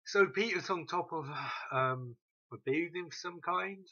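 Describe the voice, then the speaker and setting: Animated, sarcastic male ranter, bright tone, dull recording. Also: a little high, measured pace. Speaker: recap host. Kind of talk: profane comedic recap rant.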